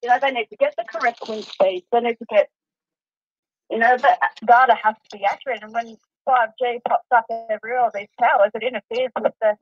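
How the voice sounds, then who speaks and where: A woman's voice: fairly high pitch, fairly even intonation, fairly quick. Chatty Australian woman calling in. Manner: chatty, rambling, laughs easily. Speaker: caller. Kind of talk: casual call-in chat. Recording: dull distant phone-line sound.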